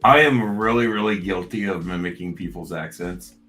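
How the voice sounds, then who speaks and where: A man's voice: low voice, normal speed, fairly bright tone, faint music behind. A man from Ohio co-hosting a casual livestream, joking and self-mocking. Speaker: co-host and reader.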